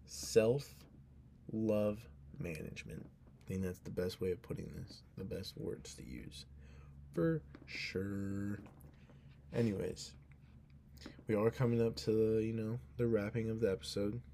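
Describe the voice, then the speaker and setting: A man's voice: fairly low pitch, unhurried, creaky, long pauses, dark tone, slight background noise. A young man hosting a casual solo podcast, talking in an earnest, rambling way and cutting himself off, sounding drowsy. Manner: rambling, earnest, self-interrupting. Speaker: podcast host.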